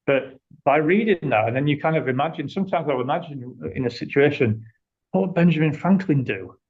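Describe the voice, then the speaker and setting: A man from England, a guest in an interview, telling anecdotes in an animated, conversational way. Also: fairly high pitch, fairly quick, husky. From northern England. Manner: animated, acts out quoted dialogue. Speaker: interview guest, agency owner. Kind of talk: conversational storytelling. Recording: slightly muffled audio.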